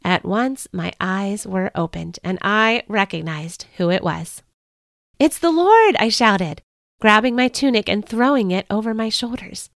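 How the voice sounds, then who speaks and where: A woman, host of a family devotional show, reading a children's Bible story aloud with expressive storytelling. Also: mid-range voice, moderate pace, gravelly, few pauses, dry recording, clean studio sound. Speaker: author and podcast host.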